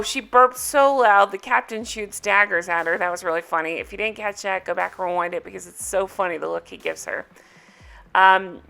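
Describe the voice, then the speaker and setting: Chatty woman with a bright, gravelly voice. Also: mid-range voice. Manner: chatty and amused, with frequent ums. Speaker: reality TV recap host. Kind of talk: casual recap chat.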